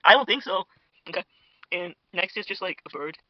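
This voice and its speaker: With a high-pitched, expressive voice at a moderate pace, a young man hosts a parody internet drama commentary, rambling in gossipy mock outrage with many fillers and asides to viewers. He sits at a home dinner table on a podcast mic, and the audio is dry and muffled.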